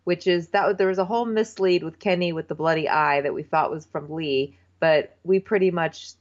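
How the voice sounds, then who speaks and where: A woman co-hosting a casual recap chat, blunt and quick to laugh, swearing casually. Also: lowish voice. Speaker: podcast co-host. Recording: dull lo-fi sound.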